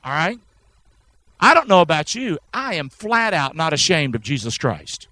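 Male pastor, high bright voice, emphatic call-and-response preaching. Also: big pitch swings, moderate pace, dry recording, low-quality recording. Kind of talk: sermon.

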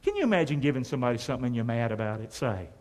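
A man's voice: mid-range voice, very fast, a little mellow, in a large hall. A man preaching a sermon as pastor, emphatic and drawing the congregation to respond. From North Carolina.

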